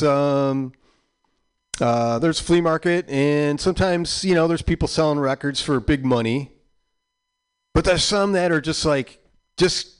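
A man in his sixties hosting a community radio show, chatting casually between records in a rambling, halting way. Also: mid-range voice, smooth.

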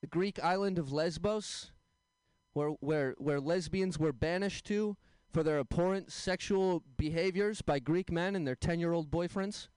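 A young man doing a stand-up set, telling deadpan one-liners with quick asides to the crowd. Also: a little high, clean tone, dry recording. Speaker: stand-up comedian. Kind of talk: stand-up set at an open mic.

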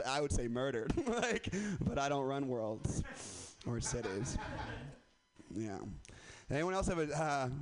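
A man with a high voice works through a loose, self-deprecating stand-up set at a small club mic. He rambles and laughs at his own lines. A faint hiss sits under the recording. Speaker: stand-up comedian. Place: comedy club open mic. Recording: faint background noise.

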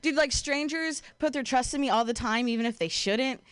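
A young woman from Ohio working through a stand-up set in a voice pitched a little high. She talks casually and swears freely, keeps a deadpan tone and laughs at her own lines. The sound is close and dry, with almost no room around it. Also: a little fast, clean tone, dry recording. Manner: casual, profane, deadpan delivery with frequent laughs. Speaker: stand-up comedian.

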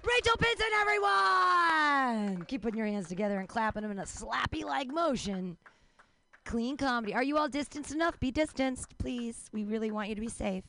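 A woman's voice: fairly high pitch, a little fast, slight background noise. Bubbly woman hosting a comedy show. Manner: bubbly, cheering.

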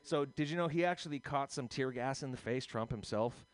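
A man's voice: medium pitch, fairly quick, smooth. A man hosting a loose comedy radio show, rambling through jokes and bits. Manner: rambling, jokey, slips into silly voices.

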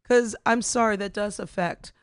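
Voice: mid-range voice, steady tone, normal speed, clear, resonant tone, no room sound, clean studio sound. A podcast co-host chatting casually, rambling with lots of fillers and restarts. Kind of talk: casual chat.

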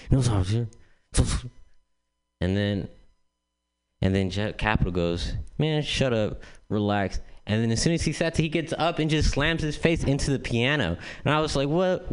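A young man doing stand-up, telling a rambling, profane story full of "like" and "dude". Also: medium pitch. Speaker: stand-up comedian. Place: comedy club stage.

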